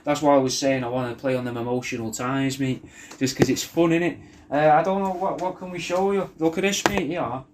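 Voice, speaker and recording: A man talks at a middling pitch with a faint hiss of noise behind him. He rambles through a personal video message, swearing freely and tripping over his own sentences. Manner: rambling, sweary, self-deprecating, with many restarts.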